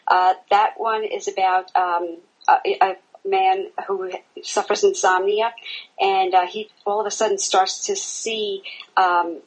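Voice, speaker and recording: Casting: woman co-host, husky mid-range voice, halting and filler-heavy. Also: medium pitch, little pitch movement, poor audio. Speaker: podcast co-host. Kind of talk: casual podcast chat.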